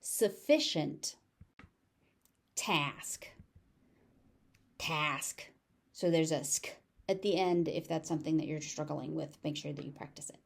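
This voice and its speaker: Speaking in a low, creaky voice, this General American woman gives an English pronunciation lesson. She says every word slowly and with care, going over each one several times.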